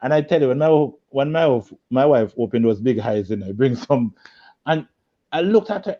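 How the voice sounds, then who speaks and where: Man, animated storyteller, muffled video-call sound. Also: mid-range voice, normal speed. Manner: animated storyteller, laughs a lot, acts out quotes loudly. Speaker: guest. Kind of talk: storytelling in a group video chat.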